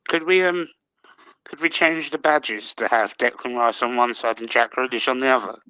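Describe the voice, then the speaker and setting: A man's voice: medium pitch, normal speed, sharp tone, clean tone, dry recording, muffled recording. A man joining a football watch-along stream remotely, chiming in with laid-back, dry teasing. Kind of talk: casual banter.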